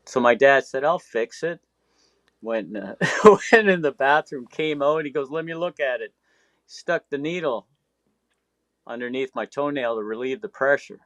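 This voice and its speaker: A man in his sixties swaps stories in relaxed conversation, cursing freely and acting out what others said. His voice is medium-pitched at a normal speed, with no echo.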